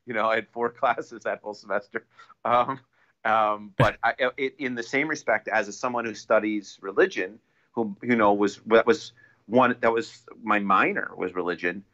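A man talking as a podcast guest in a casual, rambling way, restarting often and getting animated when he quotes people. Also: fairly low pitch, normal speed. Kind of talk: casual storytelling. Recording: dull lo-fi audio.

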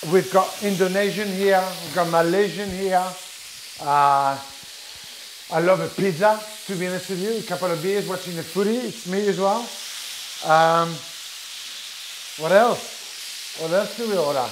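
A man's voice: high-pitched, measured pace, long pauses, noisy background. A middle-aged man with a French accent, a chef giving a chatty live cooking demo and explaining step by step with many restarts. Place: kitchen with food sizzling. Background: frying sizzle.

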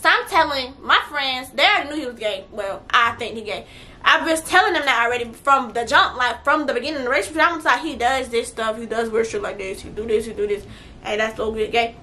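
A young woman tells a storytime vlog in a high, bright voice. She talks bluntly and with plenty of swearing, animated, jumping from quiet asides to loud bursts. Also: fairly quick. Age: young adult. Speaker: vlogger.

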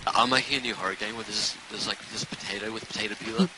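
A man's voice: fairly low pitch, fairly even intonation, fast, noisy background. A teenage boy chatting goofily and rambling over voice chat during a game. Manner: rambling, goofy. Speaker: gaming friend. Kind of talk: casual gaming chat.

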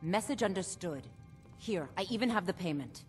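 Fearful begging shopkeeper woman, played by an actress, lowish voice, game music behind. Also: lively intonation, moderate pace, close to an everyday voice. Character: frightened female shopkeeper begging to be left alone.

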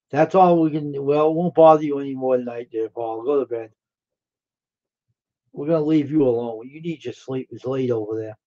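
A man's voice: medium pitch, a little mellow. Rambling man on a lo-fi live stream. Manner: rambling and friendly, full of fillers and repeats. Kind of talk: casual live stream chat with viewers. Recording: dull lo-fi stream audio.

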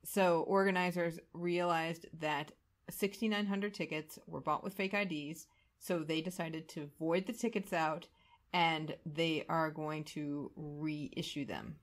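A woman co-hosts a podcast in casual chat. Her voice sits on the low side and she laughs easily as she runs through news items. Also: steady tone, unhurried. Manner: chatty, laughs often. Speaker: podcast co-host.

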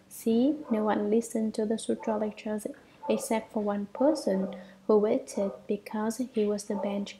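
A woman reading a Buddhist sutra commentary aloud in a measured way, at times half-whispered, with small restarts. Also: medium pitch, gravelly, background noise.

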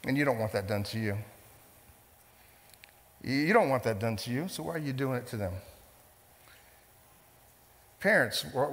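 A man's voice: mid-range voice, fairly bright tone, long reverb tail. A man preaching a sermon, emphatic, repeating phrases and putting questions to the congregation. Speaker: pastor.

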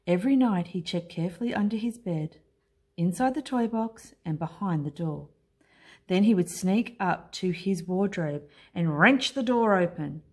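A woman teacher reading a children's picture book aloud in an expressive, unhurried way. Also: lowish voice, husky. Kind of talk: storybook read-aloud.

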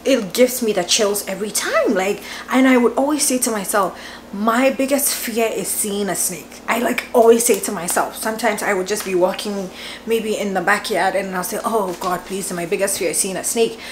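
A woman in her twenties, a vlogger telling a story at home in a lively, chatty way, laughing often and filling her talk with "like". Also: mid-range voice, moderate pace, a little hiss or hum. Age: 20s. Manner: animated, laughing, lots of "like" fillers. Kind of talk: casual storytelling vlog. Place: home, indoors.

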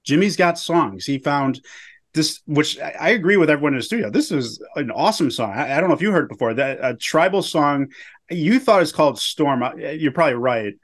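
A man's voice: fairly high pitch, animated, a little fast. A man co-hosting a podcast, chatting about a radio show with easygoing, jokey banter. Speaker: podcast co-host. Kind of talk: casual recap chat.

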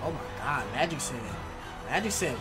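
A man hosting a basketball reaction video, excitable and full of slang, always asking if you know what he means. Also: a little high, moderate pace, loud music behind the voice. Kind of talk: casual reaction commentary.

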